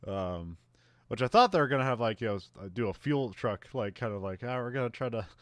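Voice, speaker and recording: A man chats through a movie plot in a loose, rambling way, breaking into laughter often. His voice sits somewhat low. The sound is dry and close, with no room echo. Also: lively intonation, fairly quick. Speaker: podcast co-host. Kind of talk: casual movie recap chat.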